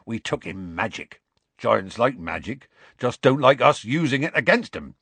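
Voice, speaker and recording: Guy doing hagrid, big gruff half-giant, rough grammar, husky dry voice. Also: medium pitch, big pitch swings, fairly bright tone, no room sound, full character voice. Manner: rough colloquial grammar, slow homely storytelling.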